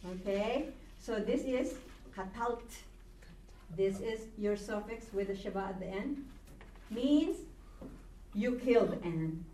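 A woman teaches a Hebrew grammar lesson, patiently repeating words and prompting the class to read along. Her medium-pitched voice has a dark tone. Recorded from a distance in an echoey room, the audio carries faint ambience and slight background noise.

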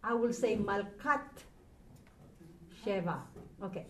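In a Hebrew grammar class, a patient woman teacher puts questions to her students, speaking slowly with lively intonation and a fairly bright, mid-range voice. The audio is roomy and faintly noisy, picked up from far away.

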